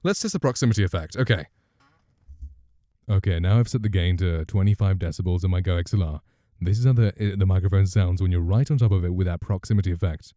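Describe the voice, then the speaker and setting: Low-pitched and mellow, a man's voice moves quickly over a dry recording. He's a streamer giving a relaxed review and demo of a studio condenser microphone at close range from his home setup, rambling along and frequently correcting himself.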